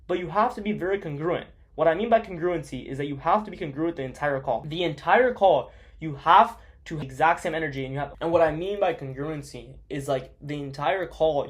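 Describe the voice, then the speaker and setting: A man's voice: a little high, animated, a little fast. A young man coaching on sales in a blunt, profane, casual monologue, full of fillers.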